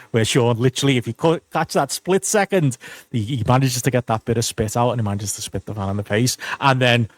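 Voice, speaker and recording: A man co-hosting a podcast chats loosely, with many fillers and laughs along the way. His pitch sits in the middle of the male range. The sound is dry and close. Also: fairly quick, dry recording. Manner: chatty, full of fillers, laughing. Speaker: podcast co-host. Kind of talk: casual podcast review chat.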